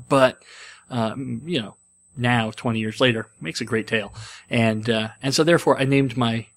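A man in his forties telling a long, digressive personal story in a casual, rambling way. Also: medium pitch.

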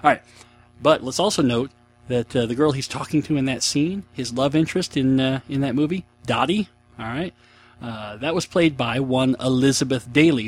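Male podcast host, 30s, mid-range voice, chatty and rambling, self-deprecating. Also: mid-range voice. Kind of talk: casual solo podcast chat.

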